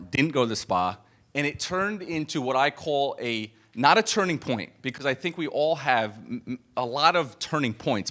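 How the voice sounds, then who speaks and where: Man, live talk to an audience, conversational storytelling, mid-pitched voice, acts out dialogue, lots of restarts. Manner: animated and conversational, full of fillers and restarts, acts out quoted dialogue. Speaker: business coach speaking to an event audience. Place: event room with a live audience.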